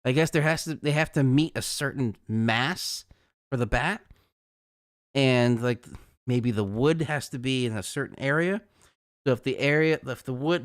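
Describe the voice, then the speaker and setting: Chatty young male weather streamer, smooth clear voice, dry close sound, mid pitch. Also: dry recording. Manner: chatty, laughs at own asides. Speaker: weather livestream host. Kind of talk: casual live weather chat.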